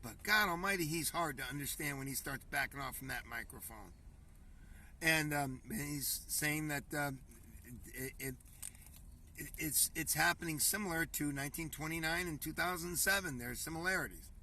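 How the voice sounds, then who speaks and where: A man's voice: on the high side, normal speed, pauses often, sharp tone, recorded from a distance, a little hiss or hum. A man hosting a casual commentary show, reading news headlines aloud and riffing on them in a rambling, conversational way, often calling his viewers folks.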